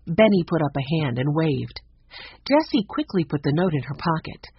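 An audiobook narrator reading a children's mystery with expressive, lively storytelling. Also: medium pitch, moderate pace, noisy background. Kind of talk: scripted narration. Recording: dull lo-fi audio.

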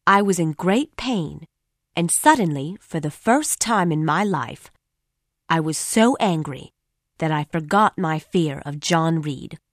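Slow, low-voiced woman narrator. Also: lively intonation, no echo, studio quality. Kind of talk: audiobook narration.

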